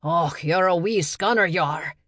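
A woman's voice: fairly low pitch, normal speed, fairly bright tone, dry recording, studio quality. A woman reading a playful young male lab assistant who puts on a fake Scottish accent for fun. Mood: teasing. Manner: jokey, hammy brogue.

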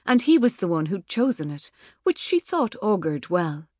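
A woman reading an audiobook in a measured, wry manner. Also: medium pitch, big pitch swings, mellow, dry recording, studio quality. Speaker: audiobook narrator. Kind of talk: scripted narration. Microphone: studio microphone.

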